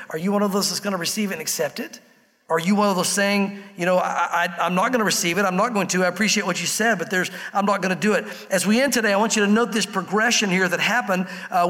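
A man with a notably high voice delivers a sermon in a church sanctuary, talking to the congregation conversationally and acting out quotes along the way. His voice carries a long reverb tail from the large hall. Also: fairly bright tone. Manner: conversational preaching with acted-out quotes. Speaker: pastor.

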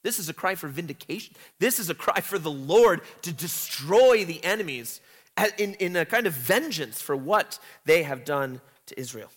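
A man with a high voice reads verses of scripture and unpacks them like a teacher. He talks earnestly and now and then bursts into emphatic retellings of the lines. His voice trails off into a long reverb, as if spoken in a large hall. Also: lively intonation, normal speed, a bit bright. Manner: earnest, breaks into emphatic paraphrased cries. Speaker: Bible teacher. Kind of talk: scripture reading and commentary.

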